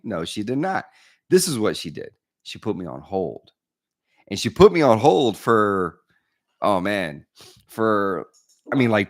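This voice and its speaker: A man, a keynote speaker, telling a personal story with lively acted-out dialogue. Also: on the low side. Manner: animated storyteller, acts out dialogue. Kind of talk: storytelling talk.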